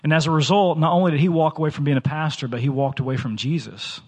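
A man's voice: fairly high pitch, fairly even intonation, fast talker, slightly rough, in a large hall. A man in his thirties preaching a sermon as a church pastor, talking in a conversational, earnest way with many fillers and restarts. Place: church sanctuary.

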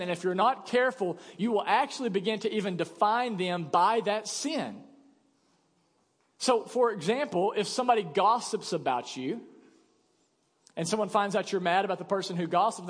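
A young man preaching a sermon as a pastor, talking conversationally and acting out quoted voices. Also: high voice. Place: church sanctuary. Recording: long church reverb.

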